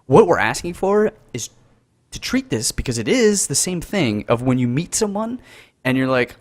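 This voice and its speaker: A man's voice: medium pitch, expressive, moderate pace. A man co-hosting a casual podcast over an online call, talking earnestly with many restarts and fillers. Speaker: podcast co-host. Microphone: call microphone.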